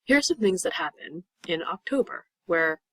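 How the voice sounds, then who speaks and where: Woman ESL teacher, patient, slow repetitions, dry close sound. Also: fairly low pitch, animated, dry recording, poor audio. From Pennsylvania. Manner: patient, drawn-out repetition of words. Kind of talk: slow, clear classroom explanation.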